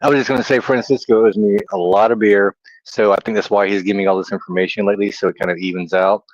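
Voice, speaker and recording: A man's voice: on the low side, steady tone, fast, dry recording, muffled recording. A middle-aged man with a Southern US accent, co-hosting a casual livestream, chatty and laughing at himself. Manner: laughs easily, chatty and self-teasing. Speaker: livestream co-host.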